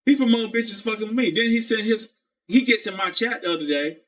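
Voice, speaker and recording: Male streamer, casual rambling rant, profane, slightly high voice. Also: fast talker, a bit bright. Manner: rambling, profane, keeps saying "you know what I'm saying". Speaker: live streamer.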